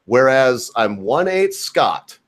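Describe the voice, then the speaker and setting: A man's voice: medium pitch, very animated, takes it slowly. An American man hosting a live stream, chatting casually with a guest. He rambles, swears freely and jokes as he goes. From United States. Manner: rambling, profane, jokey banter.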